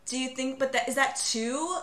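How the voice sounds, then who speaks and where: A woman's voice: high-pitched, normal speed, roomy sound, noisy background. A woman in her thirties co-hosting a podcast in casual chat, giggly and chatty with lots of filler. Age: 30s. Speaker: podcast co-host.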